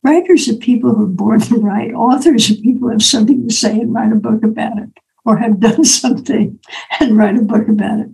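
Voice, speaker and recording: Older woman, author telling her own story, a bit high, gravelly edge, acts out dialogue. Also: fairly quick, darkish tone, low-quality recording. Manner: personal, anecdotal, acts out quoted dialogue. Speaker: author and speaker. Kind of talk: storytelling talk.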